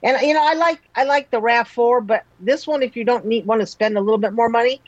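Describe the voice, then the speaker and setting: A woman's voice: on the high side, fast talker, no echo, highs cut off. A woman co-hosting a car talk radio show, reviewing a vehicle in a matter-of-fact way. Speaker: automotive journalist, co-host.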